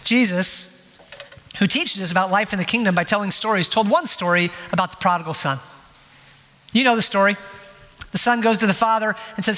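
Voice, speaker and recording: A high-pitched man in his forties delivers a sermon as a story, poking fun at himself along the way. His voice has a bright, forceful edge. A long hall reverb trails behind each phrase. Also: fairly quick, pauses often. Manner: storytelling, self-mocking humor. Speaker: pastor.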